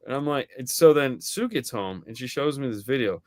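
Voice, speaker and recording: A man co-hosting a podcast in casual chat, telling a story in a lively way and acting out the voices of the people in it, swearing now and then. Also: medium pitch, brisk, dry recording. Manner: animated storyteller acting out quoted dialogue. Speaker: podcast co-host.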